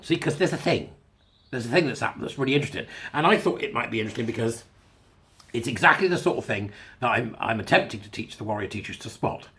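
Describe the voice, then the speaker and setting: A man giving a rambling, casual commentary to his viewers, animated and sarcastic, with plenty of asides and filler. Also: mid-range voice. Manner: meandering, chatty, with filler. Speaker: online commentator.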